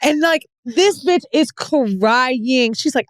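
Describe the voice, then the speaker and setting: A woman's voice: high voice, moderate pace, few pauses, no room sound. A woman in her thirties co-hosting a podcast, telling a story in casual chat, acting out the quotes and swearing freely. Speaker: podcast co-host.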